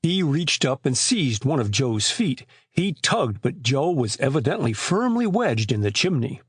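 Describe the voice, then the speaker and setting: Husky male audiobook narrator. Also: medium pitch, sing-song, unhurried, no echo, studio quality. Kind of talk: scripted narration.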